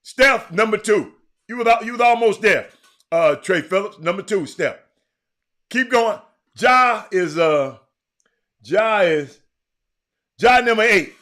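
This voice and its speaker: A man with a high voice hosts a casual livestream and banters with his viewers. His tone is bright and forward, and he stumbles, repeats and restarts his phrases as he teases the chat. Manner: animated, teasing the chat, frequent repeats and restarts. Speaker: livestream host.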